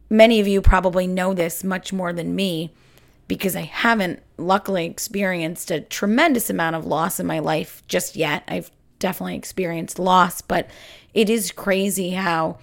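Chatty woman podcaster with vocal fry. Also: fairly low pitch. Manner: chatty, animated, lots of fillers. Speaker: podcast host. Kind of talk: casual solo podcast storytelling.

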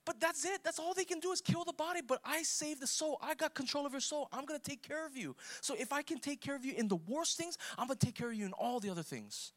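A man's voice: very high-pitched, lively intonation, quick pace, few pauses, a bit bright, voice pushed up. A man voicing a confident divine protector during a sermon, speaking emphatically. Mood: emphatic.

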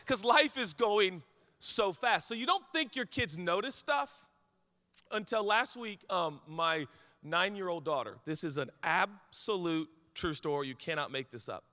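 A man's voice: a little high, pushed and bright, in a large hall. A man in his forties, a pastor giving a sermon in a candid, conversational, storytelling way. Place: large hall with congregation.

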